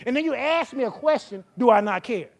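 A woman preaching a sermon with folksy, vernacular phrasing, building up to shouts. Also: on the high side, fairly quick. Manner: animated, rising to shouts.

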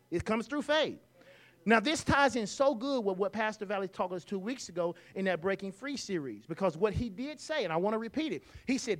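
A man preaching a sermon in a church, leading the congregation in call-and-response and rising to loud exclamations. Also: sits high.

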